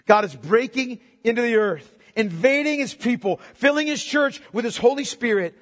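A man's voice: very high voice, expressive, moderate pace. A male pastor preaching a sermon with emphatic rhetorical questions and repetition. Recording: long hall reverb.

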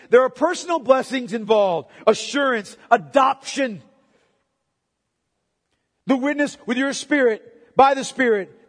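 A very high-pitched male preacher delivers an emphatic sermon, hammering home repeated words. He swings from ringing, shouted declarations to hushed asides. His voice carries a long reverb, as if he is in a large hall. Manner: emphatic, repeats key words, swings between loud proclamation and quiet asides.

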